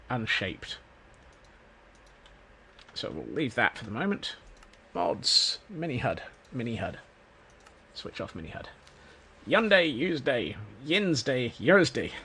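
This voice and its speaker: A man's voice: medium pitch, bright, forceful tone. A Scottish man streaming a game, rambling casually and cracking self-mocking jokes. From Scotland. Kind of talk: casual gameplay commentary. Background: faint background music.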